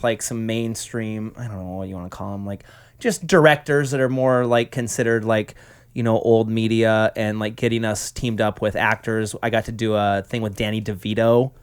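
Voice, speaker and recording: A low-pitched woman from Idaho co-hosting a chatty podcast in a studio. She rambles playfully and scatters "like" through her sentences. Her talk is loose and unscripted. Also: clean tone. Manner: playful, rambling, heavy use of "like". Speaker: podcast co-host. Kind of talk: casual chat.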